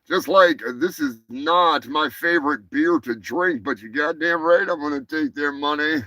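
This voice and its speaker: Gravelly-voiced man hosting a rowdy stream. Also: on the high side, lively intonation, unhurried, pushed and bright, dry recording, rough recording. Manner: rambling, profane, restarts with laughter. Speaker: host. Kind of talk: casual livestream chat.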